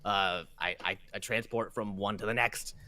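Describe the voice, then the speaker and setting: A hoarse man voicing a bitter, rude male demon ferry captain in a put-on British accent, sarcastic and exasperated. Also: fairly low pitch, fairly even intonation, moderate pace, bright, forceful tone, no room sound. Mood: matter-of-fact.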